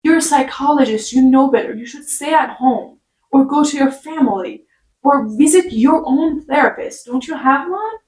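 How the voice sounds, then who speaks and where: High-voiced woman ranting in an echoey room. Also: moderate pace, a little mellow, far from the mic. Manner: exasperated, sarcastic, talks back at characters. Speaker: book reviewer. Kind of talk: casual rant review.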